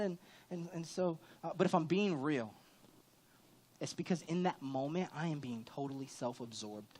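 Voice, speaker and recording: Candid, fairly high-voiced male preacher. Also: brisk, a bit bright. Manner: conversational and candid, with sudden emphatic rises. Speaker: pastor. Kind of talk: church sermon.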